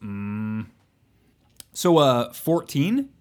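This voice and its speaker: A man's voice: mid-range voice, big pitch swings, very slow, darkish tone. Wry teasing man on a podcast. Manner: wry, teasing, hesitant fillers. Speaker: podcast co-host. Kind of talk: casual podcast chat.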